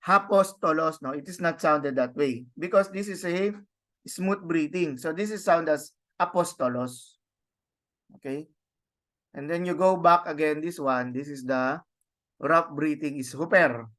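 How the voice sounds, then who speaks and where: Slow, halting man teaching a class. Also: a little high, a bit bright. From Philippines. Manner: halting, with many restarts and tag questions. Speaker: Greek teacher. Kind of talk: online class lecture.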